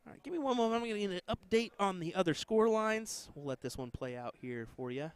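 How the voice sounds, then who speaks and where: A man's voice: high-pitched, expressive, fast talker, clear, resonant tone, dry recording. A man with an American accent hosting casual live-stream darts commentary, chatting with viewers between matches. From United States.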